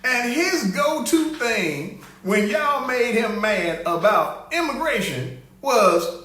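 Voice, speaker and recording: A man hosting a comic live show, animated and laughing as he greets viewers by name. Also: very high voice, slow, few pauses. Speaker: show host. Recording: roomy echo.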